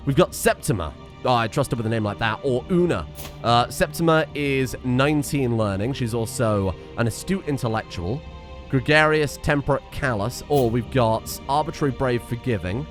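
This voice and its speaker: A man's voice: mid-range voice, brisk, soft background music. A man giving casual commentary while playing a strategy game, thinking aloud and adding wry asides. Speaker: let's play streamer.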